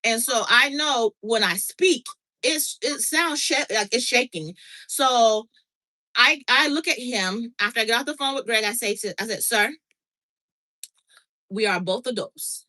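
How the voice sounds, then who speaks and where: A woman's voice: fairly high pitch, moderate pace, poor audio. A middle-aged woman hosting a casual chat, animatedly recounting a story and checking in with her listener. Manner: animated, reenacts dialogue, frequent "okay?" check-ins. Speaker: podcast host.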